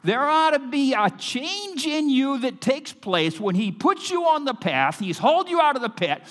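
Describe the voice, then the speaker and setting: A man preaching a sermon as pastor, emphatic, swinging between loud and hushed delivery. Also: extremely high pitch, sing-song, normal speed, long reverb tail.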